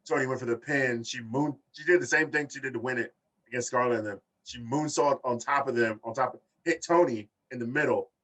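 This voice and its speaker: A man co-hosting a loose podcast chat, with a bright, husky voice. He sits a bit back from the mic, so he sounds slightly distant. He tells stories in long chains and jumps up in pitch when he quotes people. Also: brisk. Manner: animated storyteller, acts out quotes with big pitch jumps. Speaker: podcast co-host. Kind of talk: casual chat.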